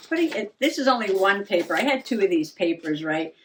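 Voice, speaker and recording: A woman's voice: medium pitch, a little hiss or hum. An older woman vlogging in a rambling, self-mocking way, laughing often and a little out of breath. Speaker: journaling vlogger. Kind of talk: casual chat.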